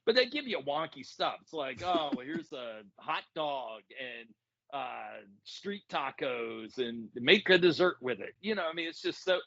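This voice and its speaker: Animated American man chatting casually. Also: a little high, a little slow, creaky, no echo. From United States. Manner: animated, laughs often, rambling asides. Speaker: podcast co-host. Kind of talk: casual chat. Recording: dull lo-fi dry sound.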